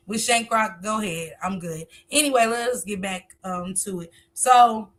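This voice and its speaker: Bright-voiced woman hosting a live stream. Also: mid-range voice, normal speed. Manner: talkative, reads viewer comments aloud and answers them. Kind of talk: casual live stream commentary.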